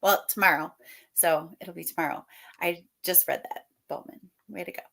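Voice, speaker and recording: A woman's voice: fairly low pitch, moderate pace, vocal fry, fairly bright tone. A woman hosting a livestream in casual chat over a video call. She reads out viewer comments, laughs often and stumbles over her words. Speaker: livestream host.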